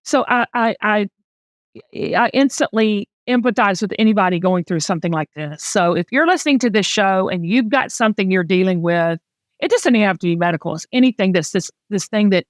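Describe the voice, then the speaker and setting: A woman's voice: mid-range voice, fairly quick, no room sound, studio quality. A middle-aged Southern woman hosting a candid, casual talk, speaking with heartfelt emotion and frequent restarts. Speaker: host.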